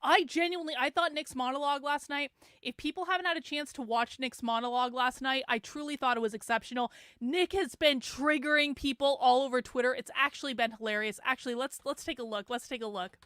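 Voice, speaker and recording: Woman streamer, high voice, smooth and clear, dry close sound, chatty, hungover. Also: brisk, few pauses, dry recording. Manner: chatty and animated, laughs often. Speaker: show host. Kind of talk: casual livestream chat.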